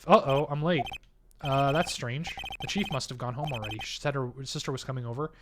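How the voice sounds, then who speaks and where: A man's voice: mid-range voice, fairly quick, noisy background, close to an everyday voice. A man reading the lines of a worried young male lawyer in a video game, over game music.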